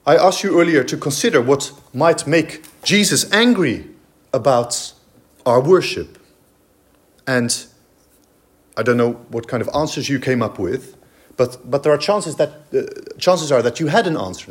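A man's voice: mid-range voice, lively intonation, normal speed. A man preaching a sermon in a church, emphatic and explanatory, with frequent fillers and restarts. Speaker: pastor.

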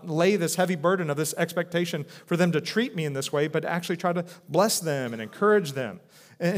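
A man in his thirties preaching from the pulpit, his voice sitting a little high for a man. He talks in an earnest, conversational way, restarting phrases often and dropping softer when he voices quoted speech. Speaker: pastor. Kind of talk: sermon.

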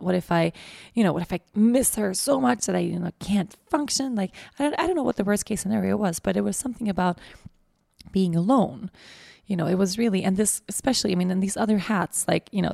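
A woman's voice: medium pitch, gravelly, warm tone, dry recording, studio quality. A woman in her thirties hosting a podcast, telling a personal story in a candid, rambling way with many fillers. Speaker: podcast host.

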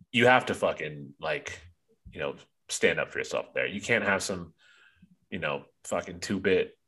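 Deep-voiced man ranting on a sports podcast. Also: a bit bright, slightly rough. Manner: profane, ranting, lots of ums. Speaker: podcast co-host. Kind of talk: casual sports chat.

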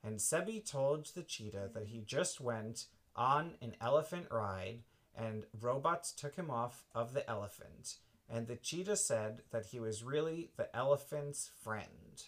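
Dad making up a bedtime story, super slow and gentle. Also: male voice, medium pitch, lively intonation. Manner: slow, gentle, makes it up as he goes. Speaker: parent telling a bedtime story.

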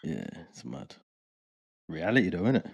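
A man's voice: deep voice, big pitch swings, normal speed, creaky, slightly rough, highs cut off. A man, chatting casually in a laid-back, slangy way. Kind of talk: casual chat.

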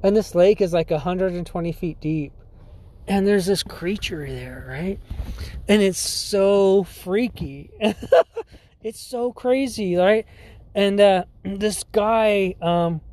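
High, mellow-voiced man, rambling laid-back podcast host, cusses a lot. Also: takes it slowly. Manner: rambling, full of likes, dudes and swearing; laughs often. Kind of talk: casual storytelling.

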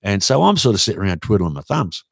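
An Australian man with a low voice spins an animated yarn in casual pub chat, slipping into silly cartoon voices along the way. He sounds close and dry, with no room around him. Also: fast, vocal fry, breathy edge, dry recording. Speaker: podcast co-host telling a story.

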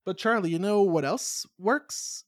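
Jokey, profane podcast co-host. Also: male voice, high voice, a little slow, no room sound, clean studio sound. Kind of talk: casual podcast chat.

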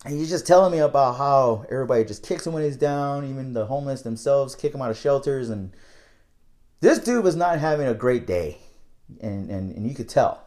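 A man's voice: medium pitch, animated, brisk, darkish tone. A young man telling a casual, candid story about his night-shift work, rambling and swearing freely.

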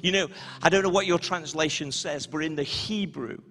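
A man preaching a sermon as a pastor, leading the congregation in repeat-after-me prayers with slow, emphatic delivery. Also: on the high side, a bit bright, long reverb tail, soft background music. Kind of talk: sermon with call-and-response prayer. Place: church hall, live-streamed service.

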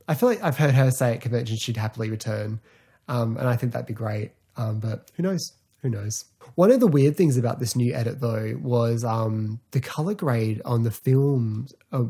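A man's voice: medium pitch, dark tone, breathy edge. A man hosting a podcast, chatting in a loose, rambling way about a TV show, full of fillers. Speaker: podcast host. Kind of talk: casual podcast review.

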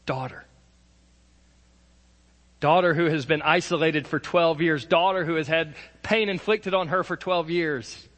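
A man voicing Jesus, gentle and compassionate. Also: on the high side, measured pace, pauses often, long reverb tail. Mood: tender.

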